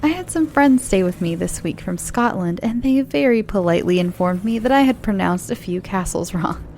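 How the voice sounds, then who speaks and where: An American woman hosting a podcast and narrating horror stories in a soft, friendly way that sometimes dips into whispers. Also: medium pitch, expressive, moderate pace, a little hiss or hum. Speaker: host and storyteller. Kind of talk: calm horror story narration.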